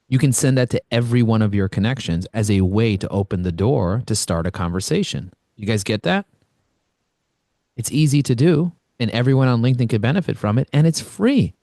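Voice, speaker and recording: A man from Brooklyn, New York, coaching an online group on a video call with blunt, energetic, conversational talk. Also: fairly low pitch, dry recording, studio quality. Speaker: networking coach, host.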